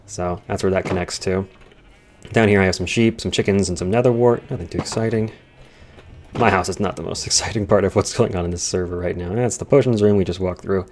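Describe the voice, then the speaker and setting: A man's voice: deep voice, steady tone, fairly quick, a little mellow, a little hiss or hum. A young man rambling casually while touring a Minecraft server, his voice strained and tired. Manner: rambling, chatty, easily sidetracked. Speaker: Minecraft let's-player. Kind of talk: casual rambling gameplay commentary.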